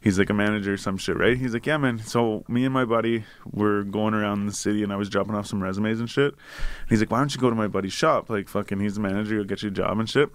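A man's voice: fairly low pitch, steady tone, fast talker, no room sound. A young man casually telling a long, profane, rambling anecdote. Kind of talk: casual chat, storytelling.

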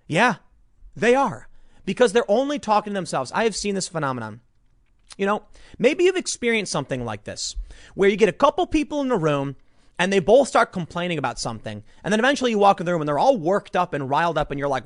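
A man giving political commentary in a sarcastic tone, reading an article aloud and breaking in with asides. His voice sits high and swings widely, recorded close and dry. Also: big pitch swings, quick pace, no room sound.

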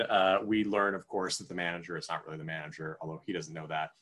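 In a relaxed podcast conversation, this fairly low-voiced male co-host reviews a movie. His talk wanders, full of filler words and false starts, and he gets worked up along the way.

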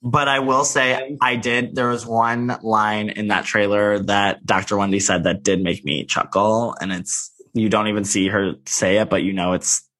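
A man's voice: fairly low pitch, level tone, moderate pace, few pauses, fairly bright tone. A man co-hosting a casual podcast chat, gossiping about a TV show and mimicking the people in it. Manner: gossipy, quotes people in mock voices. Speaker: podcast co-host.

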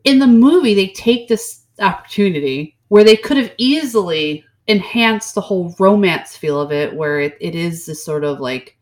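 A woman's voice: medium pitch, moderate pace, hardly any pauses. A woman co-hosting a casual podcast chat, joking and swearing as she talks. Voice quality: animated, jokey, swears casually. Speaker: podcast co-host.

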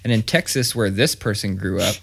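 A man's voice: fairly low pitch, a little fast, gravelly, breathy edge. A man in his thirties telling a story in casual chat, swearing freely and acting out the quotes. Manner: profane, animated storytelling with acted-out quotes.

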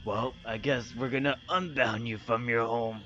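A man's voice: medium pitch, fairly even intonation, normal speed, pushed and bright. A young man playing a tabletop game in a laid-back, plain-spoken way, on a muffled lo-fi recording. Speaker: player. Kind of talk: casual tabletop game play.

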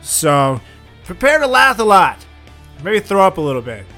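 A man co-hosting a comedy podcast, joking sarcastically and swinging from muttered asides to loud bursts. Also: high voice, sing-song, moderate pace, faint music behind. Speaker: podcast co-host.

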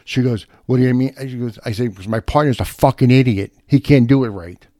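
A man's voice: mid-range voice, fairly quick, mellow, dry recording, studio quality. A middle-aged man telling a profane, brash story in casual chat.

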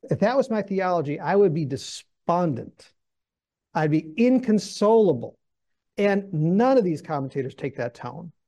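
A man teaching through a Bible book in a lively, conversational way, acting out the voices he quotes. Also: high voice, measured pace. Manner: animated, acts out quoted voices; conversational with restarts.

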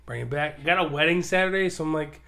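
A man's voice: on the high side, fast, vocal fry, bright, forceful tone. A young man, sick, telling a rambling, profane story in casual podcast chat. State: sick, congested. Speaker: podcast co-host.

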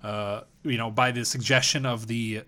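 A man's voice: mid-range voice, fairly even intonation, normal speed, pushed and bright. A man co-hosting a casual movie review podcast, retelling a plot in a laid-back way with drifting asides. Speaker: podcast co-host.

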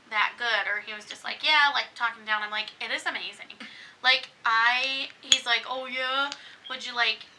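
Thirties woman, podcast co-host, brassy and animated, a bit distant from the mic with light hiss. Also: on the high side. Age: 30s. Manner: loud, animated, swears and laughs a lot. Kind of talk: casual chat.

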